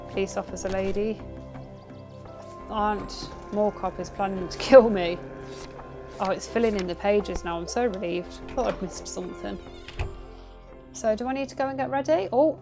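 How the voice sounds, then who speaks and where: A woman giving casual let's play commentary, chatty and musing to herself as she plays. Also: medium pitch.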